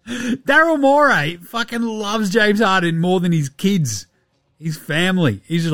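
A man's voice: high-pitched, lively intonation, slow pace, long pauses, a bit bright, no echo, studio quality, soft background music. A man with an Australian accent hosting a casual sports podcast, joking, swearing and mocking. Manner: sweary, jokey, mocking impressions. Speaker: podcast host.

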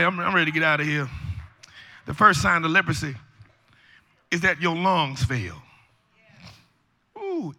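A man preaching a pep talk to listeners, moving from easy talk into sing-song shouting. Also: a little high. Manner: talks to listeners as "y'all".

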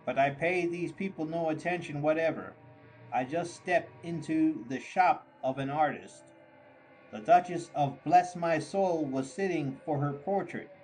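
Man reading a story aloud, slow and measured, kinda high voice, faint music behind. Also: a little mellow, low-quality recording. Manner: measured, mock-grand storytelling. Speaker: audiobook narrator. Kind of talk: scripted narration.

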